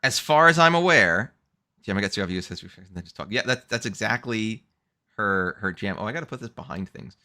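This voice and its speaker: A man hosting a casual livestream chat, animated, repeating himself and laughing often. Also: lowish voice, quick pace. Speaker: host.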